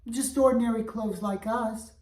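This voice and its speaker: A woman's voice: fairly high pitch, normal speed, a little mellow, voice pushed up, natural voice. A woman voicing a nervous male kitchen servant who answers hesitantly in a raised voice, in a roomy recording from a distance. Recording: roomy, voice away from mic.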